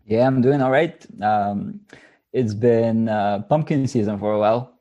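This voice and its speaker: A man from Bulgaria with a Bulgarian accent, a literary translator chatting as a podcast guest in a relaxed, wry way. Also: fairly low pitch, unhurried, dull audio. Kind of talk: casual podcast chat.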